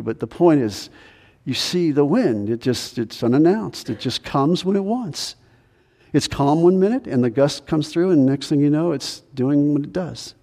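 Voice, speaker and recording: A man's voice: on the high side, mellow. Man preaching in a reverberant church. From United States. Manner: emphatic, repetitive preaching with dramatic pauses. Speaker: pastor. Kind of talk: sermon.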